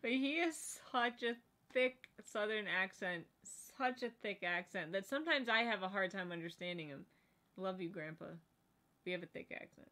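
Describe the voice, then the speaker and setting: A woman's voice: medium pitch, animated, normal speed, pushed and bright. Female livestream co-host, playful teasing banter, casual. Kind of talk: casual live stream chat.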